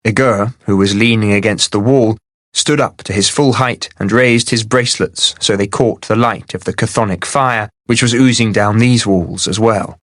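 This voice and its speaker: Male audiobook narrator, measured and even, dry close recording. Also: fairly low pitch, no echo. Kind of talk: scripted narration.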